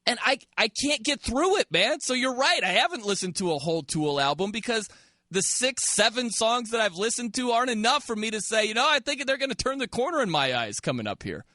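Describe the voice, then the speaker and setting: A man hosting a sports talk radio show, teasing his co-host and callers with quick banter and frequent laughs. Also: very high-pitched, sing-song, bright, forceful tone, dry recording. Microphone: studio microphone.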